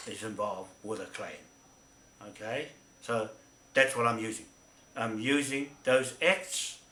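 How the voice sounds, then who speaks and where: A man talks in a rambling, emphatic monologue, circling back to the same points again and again. His voice is bright and forceful, and it rings around a roomy, echoing space. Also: medium pitch. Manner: emphatic, repetitive, with frequent "right?" tags. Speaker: activist speaking to camera.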